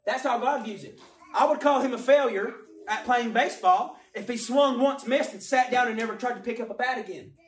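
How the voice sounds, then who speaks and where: A man preaching a sermon with passion, swinging from quiet, low remarks up to emphatic shouts. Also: brisk. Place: church hall. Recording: roomy sound from a distant mic.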